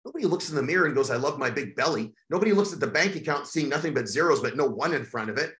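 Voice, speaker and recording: A man's voice: on the high side, animated, rapid-fire, fairly bright tone, roomy sound. A man hosting a podcast, giving a blunt, profane, hectoring motivational monologue. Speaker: podcast host.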